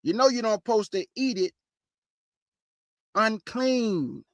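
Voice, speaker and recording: A woman's voice: on the high side, animated, no echo. Plain-spoken woman teaching scripture, dry sound. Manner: reads verses slowly and firmly, breaks in with pointed rhetorical questions; casual, plain-spoken, addresses listeners as "y'all". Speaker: host and Bible teacher.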